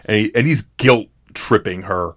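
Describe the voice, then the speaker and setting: A man's voice: lowish voice, normal speed. A man co-hosting a casual film podcast, playful and jokey, breaking into sing-song asides. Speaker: podcast co-host. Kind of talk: casual chat about a film.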